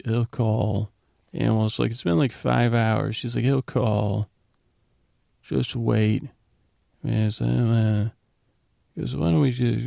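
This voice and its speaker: A man's voice: on the low side, gravelly, mellow, no echo, studio quality. A man hosting a sleep podcast, loosely retelling a TV episode in a meandering way, quoting the characters' lines. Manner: meandering, retells scenes with loose quoted dialogue. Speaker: podcast host. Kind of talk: rambling sleepy recap.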